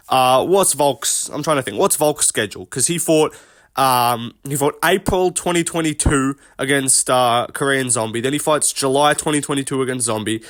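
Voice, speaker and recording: A young man giving casual commentary on a tier list, rambling, thinking out loud and swearing often. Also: mid-range voice. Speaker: host, MMA commentator.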